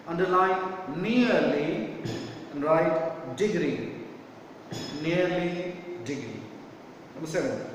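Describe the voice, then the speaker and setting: Male teacher, high-pitched, slow, spells words out; distant echoey classroom-style recording. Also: a little hiss or hum. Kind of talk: homework correction lesson. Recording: echoey room from far off.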